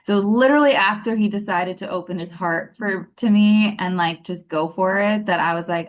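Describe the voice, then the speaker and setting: Lowish-voiced woman telling a story. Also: normal speed, hardly any pauses. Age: 30s. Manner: animated, acts out quoted dialogue, many fillers. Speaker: guest telling her love story. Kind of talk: casual storytelling interview.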